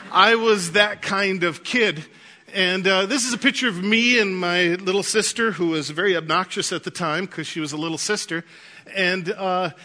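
A man preaching a sermon, telling lively childhood stories and laughing through them. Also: high-pitched. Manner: animated storyteller, laughs through anecdotes. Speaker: pastor. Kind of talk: sermon with storytelling.

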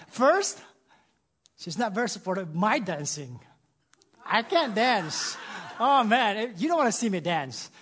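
A man with a Filipino accent, opening a sermon in church with jokes, animated and laughing at himself. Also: sits high, takes it slowly, long pauses, slight background noise. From Philippines. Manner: animated, laughing, self-deprecating. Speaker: church speaker. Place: church, before a congregation.

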